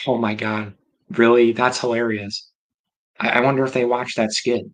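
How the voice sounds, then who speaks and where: A man's voice: mid-range voice, little pitch movement, normal speed, low-quality recording. A man hosting a livestream, chatting casually and rambling as he reacts aloud to viewer comments. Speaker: livestream host.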